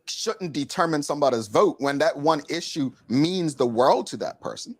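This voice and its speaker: Animated and speaking at normal speed, this Bermudian talk show host swings his pitch broadly while driving his point home. His manner is forceful and opinionated within a relaxed studio conversation.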